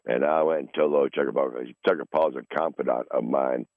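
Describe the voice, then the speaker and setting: A man's voice: a bass voice, steady tone, fairly quick, few pauses, dry recording. Profane rambling man in his sixties, lo-fi. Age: 60s. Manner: profane, rambling, repeats himself. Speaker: podcast host. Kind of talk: casual rambling monologue. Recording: dull lo-fi dry recording.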